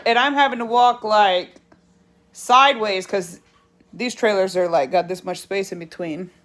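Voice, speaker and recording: A woman truck driver telling a story in a casual vlog, blunt and profane, ranting animatedly about her job. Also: medium pitch.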